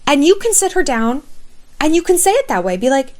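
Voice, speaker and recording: A woman's voice: high-pitched, sing-song, a little fast, darkish tone. A woman vlogger giving blunt, emphatic friendship advice to camera in a casual monologue, swearing freely.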